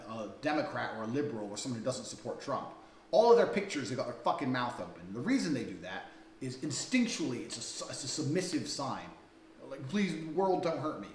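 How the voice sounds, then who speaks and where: A man's voice: mid-range voice, fairly bright tone, reverberant, far from the mic, slight background noise. A man giving a blunt, profane lecture for a dating course, talking crudely and emphatically.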